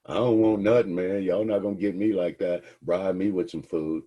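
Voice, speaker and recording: A man's voice: low-pitched, steady tone, moderate pace, mellow, breathy edge, dull audio, voice pushed up. A man voicing a defiant young male suspect in police custody, who talks in slang.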